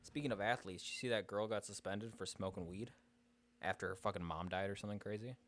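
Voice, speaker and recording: A man's voice: lowish voice, steady tone, fast talker. A young man co-hosting a podcast in casual, crude, joking banter full of swearing. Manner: crude, swears a lot, jokey. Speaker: podcast co-host.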